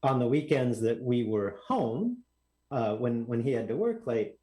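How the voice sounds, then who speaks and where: A man telling a story as a podcast guest, animated and acting out other people's lines in a raised voice. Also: mid-range voice, unhurried, low-quality recording. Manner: animated, acts out quotes in raised voice. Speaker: guest drag racer. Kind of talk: casual storytelling.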